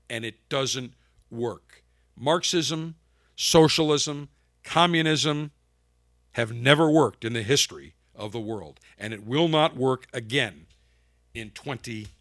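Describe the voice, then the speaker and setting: A man's voice: medium pitch, fairly bright tone, dry recording, studio quality. A man hosting a talk show, giving an emphatic, sarcastic political monologue full of rhetorical questions.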